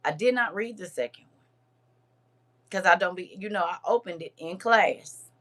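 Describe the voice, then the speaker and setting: Woman host, slightly low voice, chatty and expressive live-stream talk, puffy-eyed from crying. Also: moderate pace. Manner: chatty and expressive, addresses viewers as girl and honey. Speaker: livestream host. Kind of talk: casual chat to a live audience.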